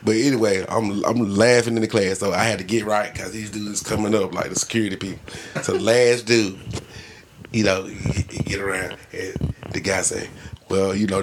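A man's voice: on the low side, slight background noise. Profane laughing male podcast storyteller. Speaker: podcast host. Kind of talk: casual storytelling chat.

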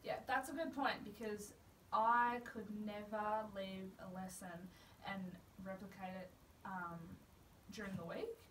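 A woman's voice: medium pitch, fairly even intonation, measured pace, fairly bright tone. A woman riding coach chatting casually on a podcast, full of "like" fillers. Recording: roomy, distant mic, faint background noise.

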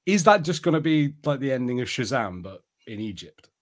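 A young man co-hosting a podcast, with a middle-pitched everyday voice. He chats loosely with plenty of fillers and sometimes speeds up in quick bursts. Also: big pitch swings. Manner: chatty, filler-heavy, spurts of fast talk. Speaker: podcast co-host. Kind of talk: casual chat.

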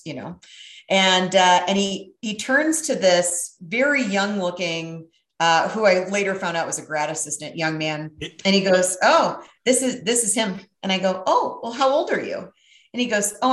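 A middle-aged woman telling a brash, profane, animated story in casual chat. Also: medium pitch, reverberant.

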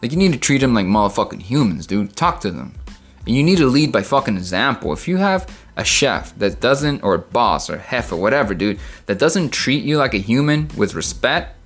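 A man's voice: medium pitch, fairly quick, soft background music. A man who works as a kitchen middle manager, telling a work story in a profane, casual rant full of "right?" and "dude". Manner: swears constantly, lively storytelling, rhetorical "right?".

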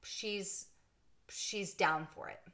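A woman co-hosting a podcast, chatting casually about a book. She talks in a candid, animated way, is quick to laugh at herself, and sits at a middle pitch. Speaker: podcast co-host. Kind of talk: casual book discussion chat.

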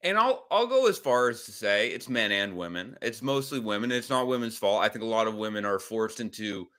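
A man's voice: fairly low pitch, sing-song, fairly quick, pushed and bright. A man hosting a podcast livestream, rambling casually with some swearing and reacting to chat comments. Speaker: podcast host.

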